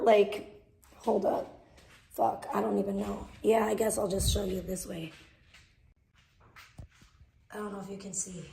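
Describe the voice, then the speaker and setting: Young woman streamer rambling and cussing, kinda high voice, casual garage chat on her phone. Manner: heavy swearing, rambling and animated. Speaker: livestream host. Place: garage at home.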